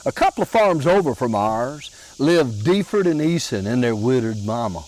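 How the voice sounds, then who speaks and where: An older man from Alabama with a Southern accent, telling homespun humorous stories in a slow, drawling way with chuckles. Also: mid-range voice, very animated, a little mellow, dry recording, low-quality recording. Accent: Southern American. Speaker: storyteller. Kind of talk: folksy humorous storytelling.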